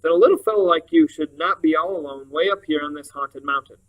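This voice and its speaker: A man reading aloud, voicing a chatty, bossy little old countrywoman who talks briskly and scolds. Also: on the high side, recorded from a distance, natural voice, low-quality recording. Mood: nosy.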